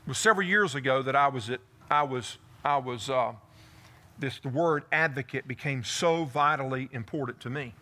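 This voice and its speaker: A man preaching a sermon to a church congregation, retelling a Bible story and speaking David's words in first person with animated delivery. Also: medium pitch, normal speed. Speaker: pastor.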